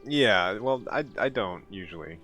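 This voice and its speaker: A man's voice: lowish voice, animated, measured pace, pushed and bright, soft background music. An American man streaming late at night, chatting casually with viewers, rambling, laughing often and poking fun at himself while sounding tired. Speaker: live streamer.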